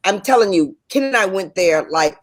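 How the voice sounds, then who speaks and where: A woman's voice: mid-range voice, lively intonation, moderate pace. A woman co-hosting a radio talk show, chatty and emphatic, repeating herself for effect. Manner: chatty, emphatic storytelling with repetition. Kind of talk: casual chat.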